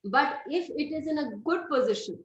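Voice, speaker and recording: A woman's voice: high voice, expressive, moderate pace, slight background noise. A middle-aged woman gives a classroom lecture, explaining step by step and quizzing her students. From India. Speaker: astrology teacher. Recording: roomy, slightly dull recording.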